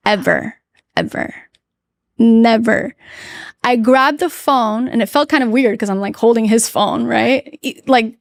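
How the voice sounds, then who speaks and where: Woman guest, slightly high voice, dry close studio sound, earnest and emotional, halting delivery. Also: fairly even intonation, creaky, dry recording. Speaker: podcast guest. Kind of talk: personal storytelling in an interview. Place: podcast studio. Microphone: podcast microphone.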